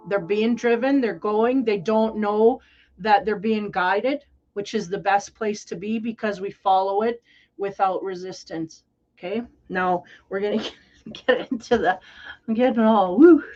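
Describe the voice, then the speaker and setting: A woman's voice: mid-range voice, measured pace, darkish tone, highs cut off. A woman tarot reader giving a casual spiritual reading in a rambling, playful, conversational way.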